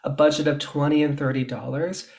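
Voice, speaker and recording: A man being interviewed about his work as a stylist, telling his story in a chatty, animated way. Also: a little high, brisk, vocal fry. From Canada. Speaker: guest, fashion stylist. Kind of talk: casual interview chat.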